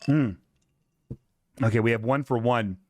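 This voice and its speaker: A man's voice: mid-range voice, fairly even intonation, a little slow, darkish tone, dry recording, studio quality. A man hosting a live comedy stream, rambling loosely in casual chat, cursing freely and laughing at his own jokes.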